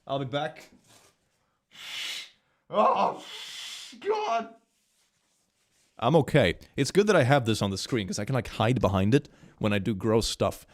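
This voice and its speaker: Young male streamer, stuffy from a cold, lively up-and-down delivery, dry close sound. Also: mid-range voice, measured pace, long pauses, dry recording. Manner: animated, laughs often, reads messages aloud. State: slight cold, stuffy nose. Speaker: streamer reading chat. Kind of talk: casual live-stream chat.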